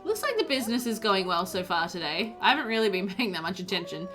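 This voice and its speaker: A woman's voice: mid-range voice, sing-song, quick pace, a bit bright. A woman chatting casually while streaming a game, reading chat aloud and laughing often.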